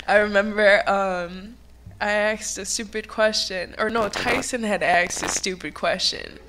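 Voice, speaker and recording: A young woman giving a tribute at her grandfather's funeral in a church sanctuary, speaking into a podium microphone. She talks fondly and laughs through her memories, growing soft when she turns serious. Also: medium pitch, fairly even intonation, measured pace, background noise.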